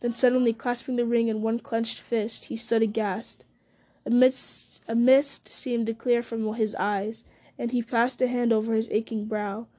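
A woman giving a measured, storytelling reading of a fantasy novel. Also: on the high side, flat delivery, dark tone. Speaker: audiobook reader.

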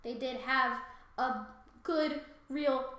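A woman's voice: sits high, fairly even intonation, takes it slowly, a bit bright, heavy reverb. A woman co-hosting a podcast in casual chat, loose and profane, laughing often. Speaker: podcast co-host.

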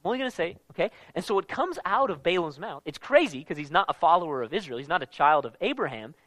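A man preaching a casual Bible-teaching sermon in an animated, conversational way, with slang mixed in. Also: a little high, fast talker, no echo.

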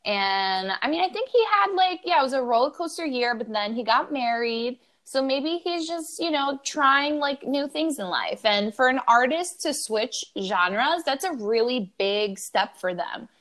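Young female co-host, bright-pitched, effusive casual chatter full of "like". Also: expressive, unhurried, hardly any pauses. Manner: gushing, enthusiastic, heavy use of "like" and "literally". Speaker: podcast co-host. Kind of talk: casual chat.

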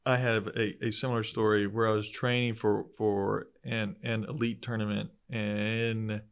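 A man hosting a podcast in casual chat, talking haltingly with many restarts. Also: on the low side, little pitch movement, clear, resonant tone. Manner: hesitant, restarts a lot. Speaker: podcast host.

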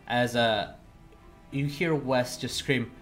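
Guy dming a tabletop game, slow and halting, lots of ums, faint music behind. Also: medium pitch, steady tone, fairly bright tone. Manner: slow, halting narration with many fillers. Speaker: dungeon master.

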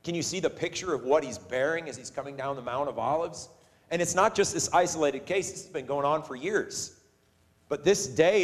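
Guy preaching a sermon, kinda high voice, lots of hall echo, acts out the crowd. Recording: long hall reverb.

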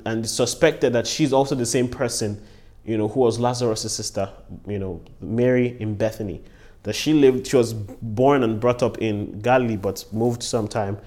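An earnest man leads a devotional Bible teaching at a middle pitch. He repeats his key phrases so they land and drops short words of praise between his points. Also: darkish tone. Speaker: preacher and podcast host.

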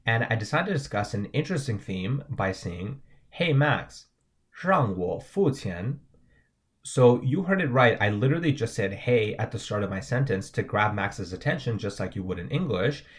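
A man's voice: fairly low pitch, animated, a little fast, few pauses. A man teaching words and tones, explaining patiently and checking in with "right?". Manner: patient, repeats "right?" often. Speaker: language teacher.

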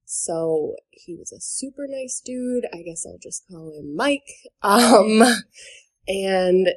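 A woman's voice: medium pitch, lively intonation, takes it slowly. A young woman from New Hampshire telling a dating story in casual podcast chat. She talks chattily, with lots of fillers and "like", and laughs between sentences.

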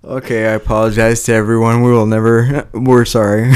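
A man's voice: medium pitch, a little mellow, clean tone. A young man co-hosting a podcast, chatting casually in a rambling, self-deprecating way and laughing often. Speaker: podcast co-host. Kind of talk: casual chat.

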